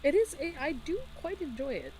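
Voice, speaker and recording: A woman's voice: high voice, brisk, a little hiss or hum, rough recording. Giggly young woman chatting on stream. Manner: giggly, animated. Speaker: art streamer. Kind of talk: casual chat on a stream.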